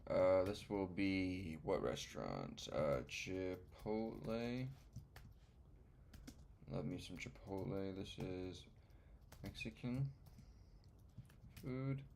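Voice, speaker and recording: A man's voice: low-pitched, expressive, drawn-out words, gravelly, long pauses, a little mellow, a little hiss or hum. A man working through coding exercises and thinking aloud in a loose, muttering way, often trailing off. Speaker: beginner programmer. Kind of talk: casual screen-recorded coding session.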